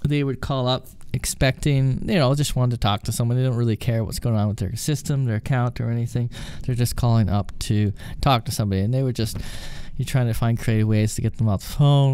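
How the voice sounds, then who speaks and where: Smooth-voiced Canadian man telling stories. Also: medium pitch, brisk, no room sound. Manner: animated, acting out quoted phone calls. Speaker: podcast host and former call-centre agent. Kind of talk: casual storytelling.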